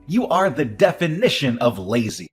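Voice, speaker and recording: An actor playing an entitled young husband who defers to his mother, dismissive and prone to excited outbursts. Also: mid-range voice, normal speed, faint music behind, close to an everyday voice. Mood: scornful. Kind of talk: audio drama acting.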